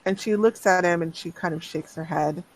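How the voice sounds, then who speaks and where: A game master narrating a tabletop role-play session. The delivery is casual and loose, full of small hedges. The voice sits at an ordinary middle pitch. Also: moderate pace, poor audio.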